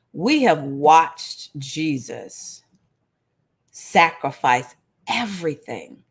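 A woman giving a lively, conversational Bible lesson, calling out to her listeners. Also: medium pitch, extremely slow, long pauses, breathy edge. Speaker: Bible study teacher. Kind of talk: casual sermon-style Bible teaching.

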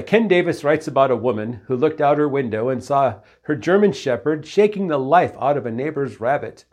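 A man delivering a sermon from the pulpit at an everyday middle pitch. He speaks earnestly, presses his listeners with direct questions, and drifts into relaxed, folksy asides along the way. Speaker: pastor.

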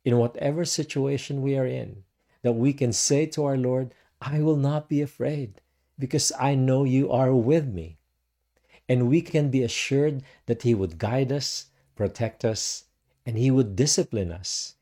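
A man giving a devotional sermon in a slow, measured way, letting his phrases trail off softly. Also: mid-range voice. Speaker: preacher.

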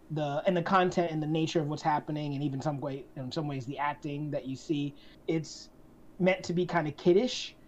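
Female podcast co-host, lower voice, thoughtful and halting, dull lo-fi recording. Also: a little mellow, slight background noise. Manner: thoughtful, restarts sentences, hedging. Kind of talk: casual chat. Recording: slightly dull lo-fi sound.

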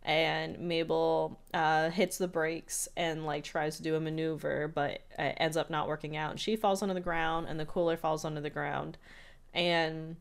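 Animated woman recapping with playful voices. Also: sits low, normal speed, gravelly, smooth. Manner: animated episode recap, acting out character lines. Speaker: podcast co-host. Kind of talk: casual rewatch podcast chat.

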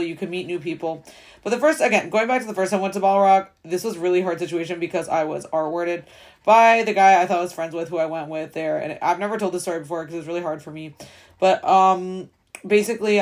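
Chatty twenty-something woman rambling fast on her podcast, tons of likes and swears. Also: lowish voice. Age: 20s. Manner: rambling, filler-heavy valley-girl talk with frequent swearing. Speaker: podcast host. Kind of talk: casual solo podcast monologue.

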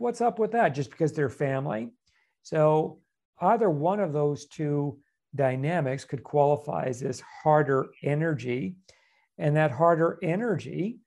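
Calm man with a gravelly, mellow voice. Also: fairly high pitch. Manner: calm, measured, reflective explaining. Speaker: podcast host answering questions as a coach. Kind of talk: casual podcast advice talk.

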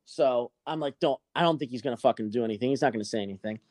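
This young man, a podcast host, speaks very fast at a medium pitch while telling a profanity-heavy story in casual chat. His storytelling is animated, and the recording is dry.

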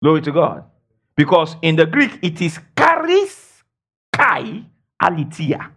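A man's voice: sing-song, a little slow, a bit bright. A man preaching a sermon and teaching the Bible, asking the congregation questions and filling his talk with "praise God" and "all right". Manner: emphatic, swoops between high and low.

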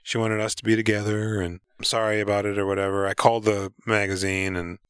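A man's voice: fairly low pitch, level tone, fast, a bit bright, clear, resonant tone, no room sound, clean studio sound. Man recapping a movie scene by scene. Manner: retells scenes acting out lines, profane and offhand. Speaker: podcast co-host. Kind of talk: casual movie chat.

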